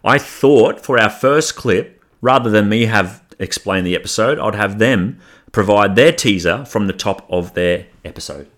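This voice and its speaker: Male podcast host, low voice, laid-back talk, fillers between clips. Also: normal speed. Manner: relaxed, conversational, with frequent ums. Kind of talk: casual podcast narration.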